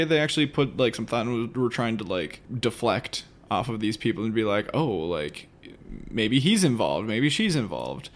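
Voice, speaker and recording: A man co-hosting a podcast, adding dry, wry comments on a movie. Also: medium pitch. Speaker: podcast co-host. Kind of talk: casual movie review chat.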